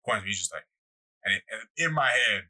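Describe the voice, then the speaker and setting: A young man co-hosting a podcast, telling a long profane story in a rambling, animated way. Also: fairly low pitch, moderate pace, rough recording. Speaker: podcast co-host. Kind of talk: casual storytelling chat.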